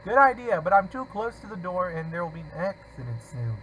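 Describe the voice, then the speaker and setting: A man's voice: sits high, big pitch swings, brisk, bright, forceful tone, slight background noise, heavily acted, poor audio. A man doing a weak impression of a former male president while reading game dialogue lines aloud.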